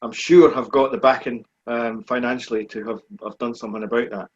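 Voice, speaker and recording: A man in his forties with a Scottish accent, a speedway rider answering questions in a relaxed, plain-spoken way during a live online chat. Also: medium pitch, fairly quick, slightly rough. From Scotland. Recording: dull, muffled lo-fi stream audio.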